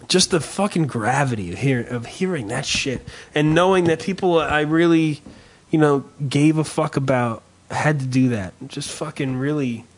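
A man hosting a podcast in casual chat, rambling and swearing freely while riffing with dark humor. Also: on the high side. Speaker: podcast host.

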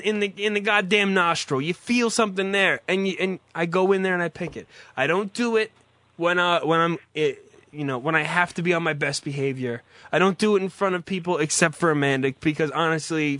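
A man's voice: a little high, brisk, fairly bright tone, no room sound. A man hosting a call-in show, swearing a lot and rambling in a self-mocking way. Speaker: radio call-in show host. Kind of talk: crude comedic call-in monologue.

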